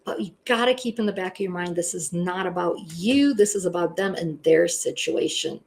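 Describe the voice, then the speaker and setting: A woman's voice: on the low side, lively intonation, moderate pace, vocal fry, darkish tone. Blunt, chatty woman teaching a class. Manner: blunt, conversational, lots of "you know". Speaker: instructor. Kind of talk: casual online class lecture.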